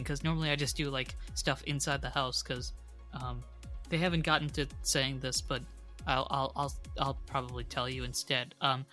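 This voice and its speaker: Man playing a nervous, stuttering helper in a tabletop game, bright edge to the voice. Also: medium pitch, lightly acted. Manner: stammering, many restarts. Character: nervous, stammering young male helper.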